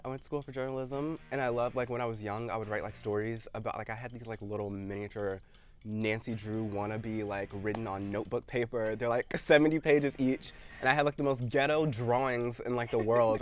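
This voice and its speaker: A man's voice: medium pitch, fairly even intonation, fairly quick, soft background music. A young man from Missouri, a guest chatting in a casual interview, telling stories with lots of likes. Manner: chatty storyteller, many likes. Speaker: guest YouTuber.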